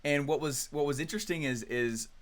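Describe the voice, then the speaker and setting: Male trainer, 30s, upbeat storyteller, pitched a touch high, keeps tagging lines with "right?". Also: fairly quick. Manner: high energy, storytelling, frequent "right?" and "okay?". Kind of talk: energetic motivational training talk.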